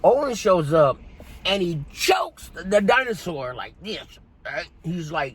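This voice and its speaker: A man giving a casual, jokey movie review that retells the plot in an animated way. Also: sits high, takes it slowly, breathy edge, poor audio.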